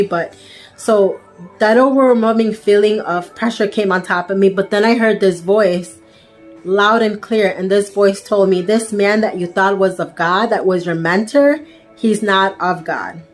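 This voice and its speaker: A young woman telling a personal faith testimony in a casual, storytelling way, tossing in frequent "right?" asides and fillers. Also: medium pitch. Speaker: vlogger sharing a faith testimony.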